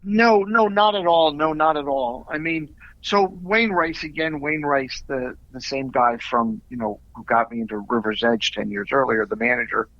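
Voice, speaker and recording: A middle-aged man, an actor being interviewed, telling animated stories with quick asides. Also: mid-range voice, dry recording. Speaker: actor guest. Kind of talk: casual interview storytelling. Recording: dull lo-fi audio.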